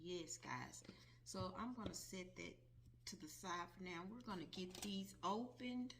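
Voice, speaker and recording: Woman, casual vlogger, repeats herself, mid pitch, faint background noise. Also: measured pace. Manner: emphatic, repeats herself, addresses viewers as guys. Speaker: tarot vlogger. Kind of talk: casual product review to camera.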